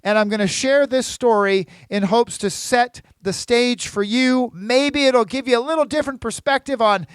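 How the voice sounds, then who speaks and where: High-voiced man hosting a podcast. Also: normal speed, few pauses, clear, resonant tone, no echo. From United States. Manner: chatty, keeps asking "right?". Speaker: podcast host, financial planner. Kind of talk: casual solo podcast talk.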